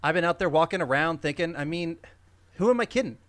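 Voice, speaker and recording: A man reading the lines of a humble down-and-out male boxer, straight and flat, in a casual dramatic reading. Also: a little high, quick pace. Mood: earnest.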